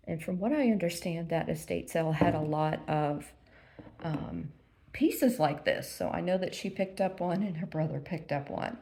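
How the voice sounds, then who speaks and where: A woman's voice: lowish voice, normal speed. A middle-aged woman, chatting casually through an unboxing, gushing and full of ums, close to tears at times. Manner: warm and gushing, many ums, emotional near tears. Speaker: vintage reseller vlogger.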